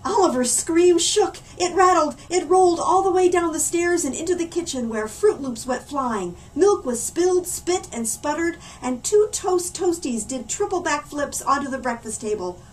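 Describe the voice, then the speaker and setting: A woman as a library story lady, reading a silly picture book aloud to children in a playful, animated way. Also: high voice, moderate pace, few pauses, distant mic, rough recording. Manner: animated, playful, swooping between hushed and loud.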